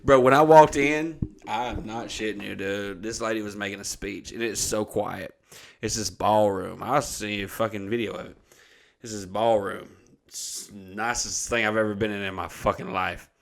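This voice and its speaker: A man's voice: fairly low pitch, steady tone, moderate pace, vocal fry. A young man hosting a podcast, telling a rambling, profane story and admitting he is a bit drunk. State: slightly drunk. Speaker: podcast host, comedian. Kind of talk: casual chat, storytelling.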